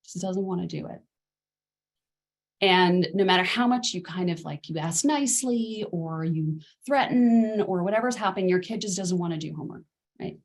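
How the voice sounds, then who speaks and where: Vrouw die ouderschapsles geeft. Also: female voice, fairly low pitch, normal speed. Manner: conversational, acts out parent and child quotes. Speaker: parenting coach. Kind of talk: spoken masterclass lesson.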